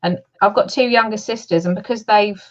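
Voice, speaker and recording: A woman's voice: medium pitch, fairly even intonation, fairly quick, highs cut off. A woman from Suffolk with a Suffolk accent, a guest chatting casually and laughing often. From Suffolk, England. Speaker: guest YouTuber. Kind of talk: casual chat.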